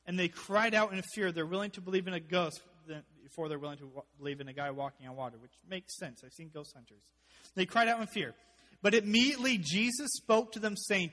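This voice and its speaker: An animated man preaching as pastor, his voice sitting a bit high for a man. He mixes joking asides with hushed, earnest passages, and a long reverb trails behind him. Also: brisk. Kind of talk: sermon.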